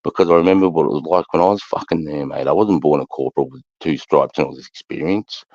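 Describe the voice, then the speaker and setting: A man's voice: very deep voice, fast talker, a little mellow. A middle-aged Australian man, an army veteran hosting a casual chat, telling stories bluntly with heavy swearing. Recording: dull lo-fi sound.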